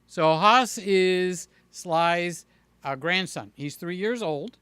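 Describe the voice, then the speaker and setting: Reading his viewers' chat aloud, a man talks back to them by name during a casual livestream, slow and chatty with a playful streak. He puts on a high playful voice to entertain a child. His tone is sharp, clear, and resonant, with no room sound.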